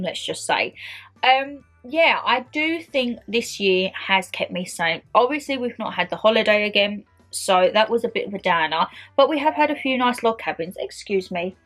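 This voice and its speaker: A woman's voice: mid-range voice, a bit bright. A woman in her twenties chatting casually to camera in a year-end vlog, bubbly and friendly, calling her viewers "my lovelies". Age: 20s. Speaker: YouTuber.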